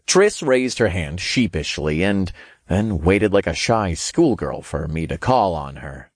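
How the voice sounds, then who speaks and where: A man's voice: deep voice, expressive, measured pace, no room sound, studio quality. A man narrating a first-person fantasy story in a casual, wry storytelling manner. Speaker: audiobook narrator.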